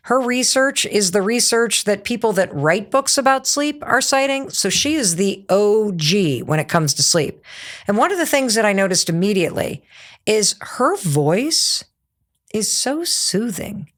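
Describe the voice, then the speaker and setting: Woman podcast host, lively, acts out little quotes, mid pitch. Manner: animated, acts out quoted lines. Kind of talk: energetic podcast narration.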